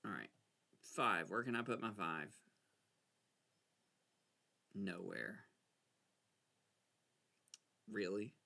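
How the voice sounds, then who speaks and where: A man casually talking himself through a card game, anxious and excitable, arguing with himself as he plays. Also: lowish voice, slow, vocal fry, pauses often. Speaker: gameplay video creator. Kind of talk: casual talk over a solitaire game.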